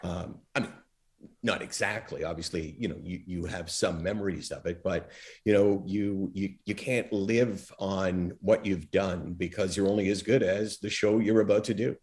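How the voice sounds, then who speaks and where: A middle-aged man, a former talk show host, telling stories as a podcast guest and acting out the dialogue he quotes. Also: moderate pace. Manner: animated storyteller, acts out quoted dialogue with big pitch swings. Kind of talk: storytelling interview talk.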